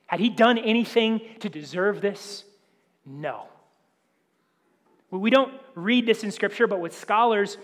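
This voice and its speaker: A male pastor preaching with a high voice. He is emphatic and often sinks to a hushed near-whisper to press a point. His words ring with the long reverb of a large hall. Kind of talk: sermon.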